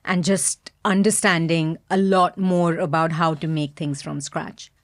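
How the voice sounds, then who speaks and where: A woman's voice: sits low, fairly even intonation, unhurried. A young woman speaking as a podcast guest, talking frankly and hesitantly, with fillers and restarts. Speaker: podcast guest, brand founder. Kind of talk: candid interview conversation.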